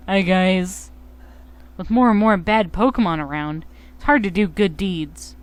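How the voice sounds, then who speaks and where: A young woman with a medium-pitched, unhurried voice streams a video game, reading its text aloud while joking and poking fun at herself. It's casual game commentary with faint game music behind.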